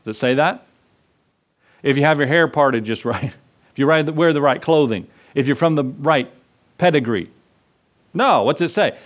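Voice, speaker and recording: A man's voice: fairly high pitch, expressive, normal speed, pauses often. A man preaching a sermon as pastor, talking in a conversational way with jokes, rhetorical questions and key words drawn out for emphasis.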